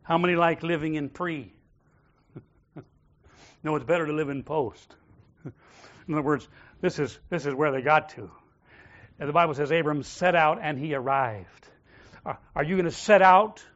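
Man preaching a lively sermon, lo-fi. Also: on the high side, measured pace, long pauses. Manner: rhetorical questions, calls on the congregation to repeat phrases. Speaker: pastor. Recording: dull lo-fi sound.

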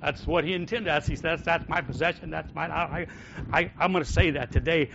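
A pastor preaching a sermon in a church, rising to loud calls and dropping to soft, prayerful tones. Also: male voice, fairly high pitch, steady tone, fairly quick, gravelly, lo-fi sound, background noise. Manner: swings from loud exhortation to soft intimate prayer. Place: church sanctuary.

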